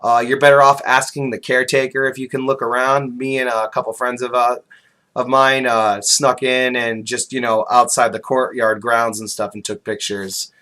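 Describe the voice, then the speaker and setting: A man's voice: mid-range voice, level tone, normal speed, pushed and bright. A man speaking as a guest in casual podcast chat, modest and hesitant, with many ums and uhs.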